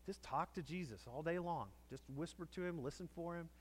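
A man's voice: fairly high pitch, normal speed, husky. A man preaching a conversational sermon to a congregation, telling stories and acting out quotes. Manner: conversational storytelling, acts out quotes. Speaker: pastor.

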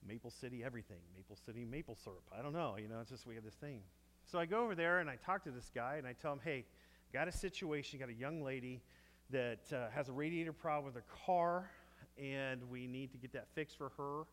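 A man's voice: mid-range voice, quick pace. Preacher guy telling a story in his sermon, acts out all the voices, long hall echo. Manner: animated storyteller acting out dialogue. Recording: echoey hall with long reverb.

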